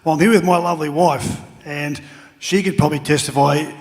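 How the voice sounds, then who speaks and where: Speaking briskly in a large hall, this middle-aged Australian guest speaker entertains an awards-night crowd with after-dinner tales. His slightly high voice keeps a steady tone while he acts out shouts in his comic anecdotes.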